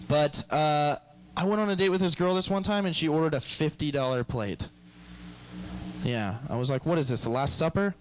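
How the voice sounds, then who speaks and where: A young man performing a stand-up comedy set, rambling from bit to bit with crude, self-deprecating jokes. His voice sits a little high for a man. The delivery is loose and conversational. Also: normal speed, a little hiss or hum, poor audio.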